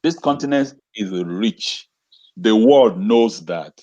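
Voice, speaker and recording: A man's voice: lowish voice, expressive, takes it slowly, warm tone, muffled recording. A man speaking as an interview guest and educator on a video call, talking with passion, repeating phrases and asking rhetorical questions. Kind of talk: impassioned talk on a video call.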